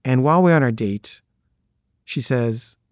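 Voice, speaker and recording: A man's voice: medium pitch, a little slow, a little mellow, no room sound, studio quality. A middle-aged man from the Los Angeles area telling a personal story in a conversational way, acting out the people he quotes. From Los Angeles, the San Fernando Valley. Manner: conversational, acts out quoted voices.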